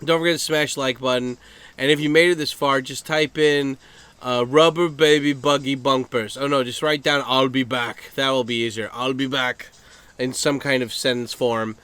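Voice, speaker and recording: A man ranting casually to his camera for his channel, swearing freely and acting out other people's lines in quick put-on voices. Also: medium pitch, fairly even intonation, pushed and bright, clean tone, dry recording. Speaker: YouTuber. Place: Japan.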